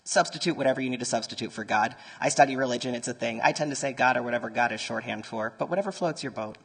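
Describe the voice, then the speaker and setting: Man, conference speaker, mid-pitched voice, conversational with nerdy asides, long hall reverb. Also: fast, gravelly, fairly bright tone, breathy edge. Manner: conversational, talks straight to the audience with nerdy asides. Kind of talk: conference talk to a live audience. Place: conference room before an audience.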